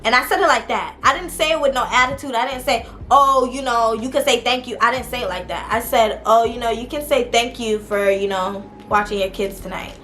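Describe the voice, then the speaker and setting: A young woman vlogger telling a personal story in a casual, animated way, talking straight to her viewers. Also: a little high, a little fast, few pauses, slight background noise.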